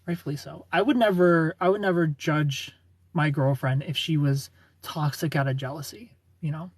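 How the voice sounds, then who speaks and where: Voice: medium pitch, normal speed, slightly rough, dry recording. A livestreamer in their thirties answering chat comments in a chatty, opinionated way and laughing often. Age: 30s.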